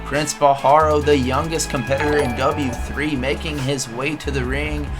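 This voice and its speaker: A man calling wrestling play-by-play in a loose, jokey way, getting excitable and cursing casually. Music plays behind his voice. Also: a little high, moderate pace. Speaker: play-by-play commentator.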